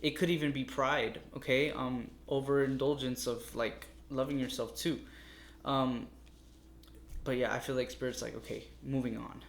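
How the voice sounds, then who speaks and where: A man's voice: medium pitch, fairly even intonation, normal speed. A man giving a casual, meandering tarot reading, talking straight to his viewers and sounding a little exasperated. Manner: chatty, meandering, addresses viewers warmly as loves. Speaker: tarot reader. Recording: echoey room with faint noise.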